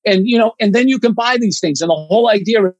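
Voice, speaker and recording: A man with a husky voice talks through a topic in loose, conversational fashion, leaning on fillers and everyday examples. The sound is dry and close, with no room around it. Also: sits high, fast, dry recording, highs cut off. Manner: chatty, explains with many fillers and examples. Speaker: podcast guest, cause marketing expert. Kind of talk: casual explanatory chat.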